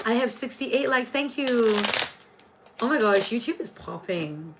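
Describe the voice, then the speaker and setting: A woman's voice: a little high, expressive, a little slow, noisy background. Chatty Singaporean woman hosting a livestream. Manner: chatty, gushing, heavy on fillers and restarts. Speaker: tarot reader and livestream host. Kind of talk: casual livestream chat. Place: her room.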